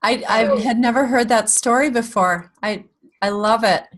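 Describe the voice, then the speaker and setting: A woman's voice: a little high, normal speed. A woman hosting a talk show, interviewing a guest and praising her effusively.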